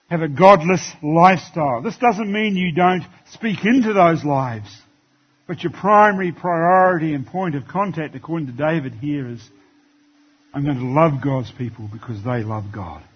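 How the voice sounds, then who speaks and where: Husky-voiced male pastor preaching. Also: a little high, highs cut off. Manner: conversational preaching, quoting scripture. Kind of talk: sermon. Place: church.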